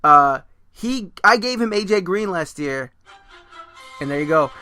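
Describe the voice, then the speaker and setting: A man's voice: high-pitched, normal speed, pushed and bright, faint music behind. A man hosting a casual podcast chat, rambling and joking at his own expense. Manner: rambling, joking and self-mocking. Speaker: podcast host.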